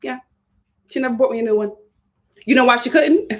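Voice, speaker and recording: A young woman from Philadelphia hosting a live stream, reading viewer comments with sassy, animated chat and frequent laughter. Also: on the high side, brisk, pauses often.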